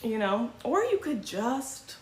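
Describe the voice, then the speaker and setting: Her voice a little high, very animated, and slow, this livestream host delivers casual commentary in a sarcastic, conversational way, now and then swinging into mocking impressions. Faint ambient noise fills the echoey room.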